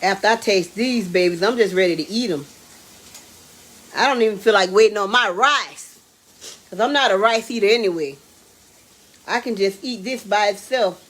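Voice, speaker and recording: A woman, chatting excitedly to viewers while cooking in her home kitchen. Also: mid-range voice, normal speed, pauses often. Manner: excitable, exclaims with food, talks to viewers as y'all and baby. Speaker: home cook hosting a live cooking stream. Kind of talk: casual live cooking chat.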